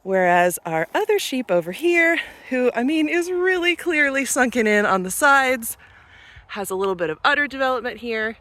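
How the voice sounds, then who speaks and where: She speaks at normal speed in a high, slightly bright voice with lively intonation. A woman of thirty-something or forty-something, she vlogs her farm chores on a self-held camera outdoors and in barns, chatty and tender toward the animals, and at times out of breath.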